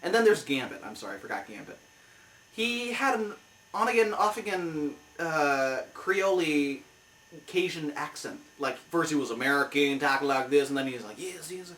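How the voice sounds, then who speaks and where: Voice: medium pitch, animated, normal speed, a bit bright. A comic review show host giving a heated, exasperated movie review rant. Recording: roomy, mic at a distance.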